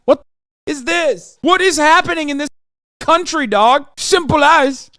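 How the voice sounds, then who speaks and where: Guy doing a loud mocking geezer, voice jumps way up high. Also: expressive, measured pace, no room sound, clean studio sound, exaggerated voice. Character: mocking loudmouth British geezer, adult man.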